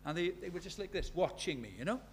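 A man's voice: sits high, expressive, quick pace, husky. A middle-aged British man delivers a sermon in a slightly raised voice. He tells stories and plays the people in them, then presses his listeners with rhetorical questions. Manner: storytelling, acting out dialogue, rhetorical questions. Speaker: preacher.

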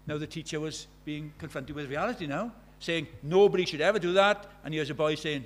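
A middle-aged Welsh man preaching a sermon, moving between loud declarations and quiet, hushed asides. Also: fairly high pitch, quick pace, few pauses. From Wales.

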